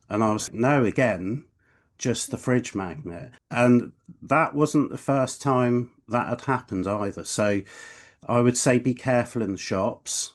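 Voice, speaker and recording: A man's voice: medium pitch, a little slow. A man, co-hosting a podcast and telling a rambling travel story with hesitant restarts. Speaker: podcast co-host. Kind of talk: casual chat, anecdote.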